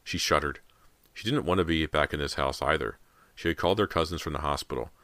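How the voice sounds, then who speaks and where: A man narrating a horror audiobook in a measured storytelling manner. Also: extremely low pitch, fairly bright tone, no echo.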